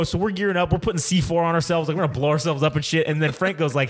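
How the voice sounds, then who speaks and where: A man's voice: on the high side, steady tone, fast, few pauses. A man co-hosting a podcast, rambling and swearing as he retells a wild dream to his friends in casual chat. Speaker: podcast co-host. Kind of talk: casual storytelling among friends.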